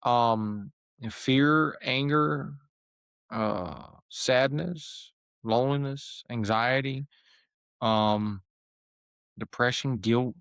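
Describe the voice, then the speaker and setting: A man's voice: medium pitch, extremely slow, creaky, fairly bright tone, clean tone, no room sound. A man hosting a podcast, talking earnestly in a rambling way with many fillers and restarts. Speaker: podcast host. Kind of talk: casual podcast talk.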